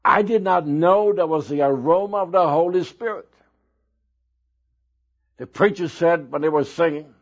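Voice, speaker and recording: A man preaching a sermon, telling his own testimony slowly and with emphatic bursts of loudness. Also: a little high. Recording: dull lo-fi recording.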